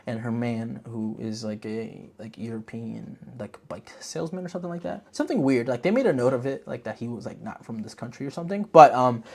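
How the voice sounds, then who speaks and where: A podcast host chatting casually about a movie, slangy and rambling, telling the story in an animated way. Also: medium pitch, brisk, vocal fry, few pauses. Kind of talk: casual movie review chat.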